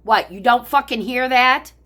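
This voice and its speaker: A woman's voice: a little high, a little slow, fairly bright tone. An older woman vlogger telling a story angrily, in a heated, profane rant. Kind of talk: angry personal storytelling.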